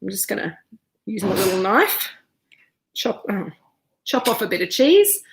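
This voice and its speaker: A woman's voice: medium pitch, very animated, a little slow, vocal fry. A woman leading a casual live wine tasting class, chatting freely while chewing cheese. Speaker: winemaker leading a virtual tasting.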